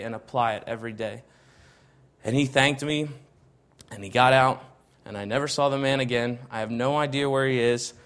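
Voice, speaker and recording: Man telling a story, acting out the dialogue. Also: medium pitch. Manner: acts out quoted dialogue, often dropping softer for quotes; conversational, many fillers and restarts like "I'm like". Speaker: speaker giving a personal testimony. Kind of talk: casual spoken storytelling.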